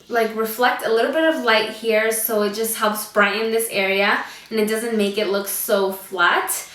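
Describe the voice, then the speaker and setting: Breathless chatty woman vlogger, slightly high voice, set back from the mic in an echoey room. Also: fairly bright tone, far from the mic. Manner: chatty, lots of fillers. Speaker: beauty vlogger. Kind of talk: casual chat to camera.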